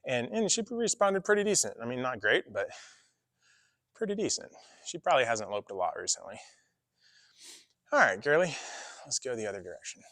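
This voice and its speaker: A man training a horse in an arena, talking through his work in a relaxed, chatty way and coaxing the horse now and then. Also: medium pitch, moderate pace, long pauses, no room sound, studio quality. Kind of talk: casual spoken explanation while working a horse. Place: outdoor horse arena with deep sand.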